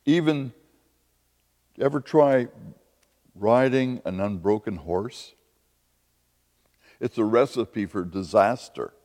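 A man's voice: on the low side, expressive, slow, long pauses, darkish tone, long reverb tail. A man preaching a sermon as a pastor, with emphatic, repeated lines.

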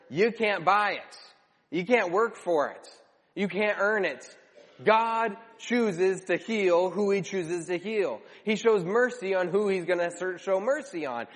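A man preaching a sermon, retelling scripture with expressive, repetitive storytelling and lively quoted voices. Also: high-pitched. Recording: long hall reverb.

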